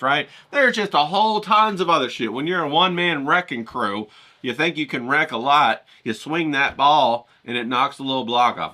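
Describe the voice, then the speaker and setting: A painter who vlogs talks casually to camera, joking, rambling and swearing freely as he addresses his viewers directly. His mid-range voice is bright and forceful.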